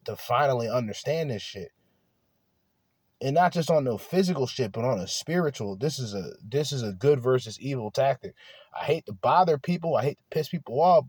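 A man's voice: medium pitch, a little mellow, husky, no echo, clean studio sound. A man talking in a blunt, profane, rambling monologue, restarting his sentences often, in a casual chat. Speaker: podcast host.

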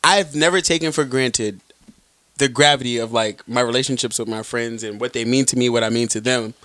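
A man's voice: mid-range voice, brisk, pushed and bright, dry recording. A man co-hosting a podcast, joking loosely and swearing freely in casual banter with friends. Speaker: podcast co-host.

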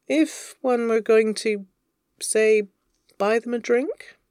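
A reader voicing a cool, sharp-tongued young woman, arch and mock-offended, in a fan fiction audio reading. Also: medium pitch, slow, smooth, no echo, studio quality, close to an everyday voice. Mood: arch teasing.

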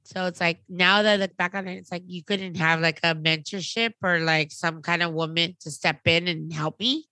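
A woman in her thirties, podcast co-host, chatting casually and telling an animated story, acting out what others said. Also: fairly low pitch, normal speed, hardly any pauses, no room sound. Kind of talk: casual chat.

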